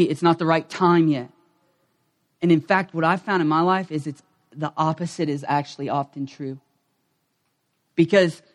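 A middle-aged male pastor giving a conversational sermon, acting out quoted voices and asides to the congregation. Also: high voice.

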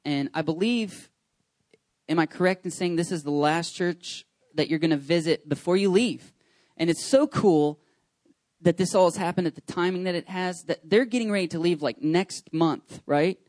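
A man in his thirties leading a church service, talking casually and excitedly. He rambles with frequent "ums" and restarts. His voice sits a little high and sounds dry. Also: moderate pace, no room sound. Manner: chatty, rambling with many fillers and restarts; enthusiastic, excitable. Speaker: pastor.

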